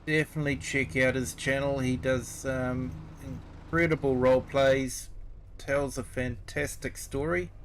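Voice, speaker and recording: A man's voice: medium pitch, a little slow, a little hiss or hum. A middle-aged man with a New Zealand accent, chatting casually with viewers on a game stream. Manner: relaxed, chatty, replies to viewers. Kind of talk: casual live-stream chat.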